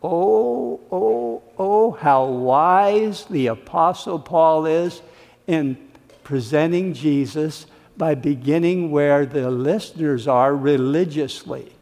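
A man's voice: on the high side, takes it slowly, vocal fry, darkish tone. A man preaching a sermon, emphatic and dramatic, acting out the voices of the people he quotes. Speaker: pastor. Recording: reverberant church hall.

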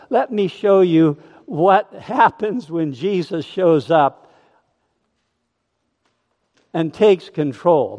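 Male pastor, slow emphatic sermon, higher voice, echoey hall. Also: darkish tone, dull audio. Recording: long hall reverb.

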